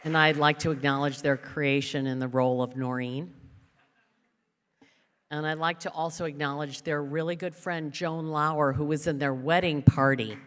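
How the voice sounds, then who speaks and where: A woman's voice: deep voice, fairly even intonation, normal speed, heavy background noise. A woman giving an award acceptance speech in a large event hall, chatty and joking, with fillers. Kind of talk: ceremony speech. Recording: long hall reverb.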